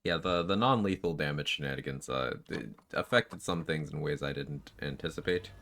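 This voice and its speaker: Very deep, sleepy-sounding male streamer. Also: normal speed, a bit bright, slight background noise. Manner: laid-back, sleepy, laughs often, swears casually. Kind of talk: casual live-stream chat over gameplay.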